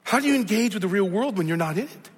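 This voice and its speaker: A man's voice: high voice, animated, fast, husky. A middle-aged man with a Midwestern accent, preaching a sermon and telling a story in an earnest way. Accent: Midwestern American. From American Midwest. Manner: storytelling, earnest, repeats words when starting. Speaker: pastor. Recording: long reverb of a large hall.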